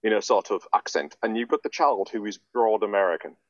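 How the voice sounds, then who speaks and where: A man's voice: lowish voice, lively intonation, brisk, dry recording, lo-fi sound. A man in casual chat, sardonic and sweary, ranting as he mimics characters.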